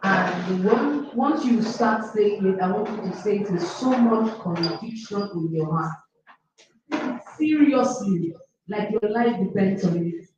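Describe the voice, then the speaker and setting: A woman's voice: mid-range voice, expressive, slow pace, very echoey, far from the mic, dull audio, over music. A woman organizing a workshop, encouraging students and repeating her questions to the room. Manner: encouraging, repeats herself, addresses students directly.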